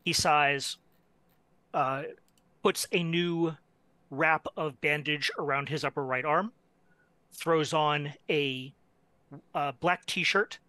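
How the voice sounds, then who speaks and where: A man with a bright, forward voice, pitched a touch high, talking through his character's morning as a tabletop player. The sound is close and dry. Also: steady tone, slow, long pauses, no room sound.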